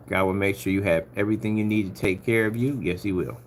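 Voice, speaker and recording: In a casual screen recording, an online shop owner walks through editing his website, chatting playfully to himself and a pet and breaking into sing-song chants. His voice is lowish and quick, with few pauses and a little hiss or hum.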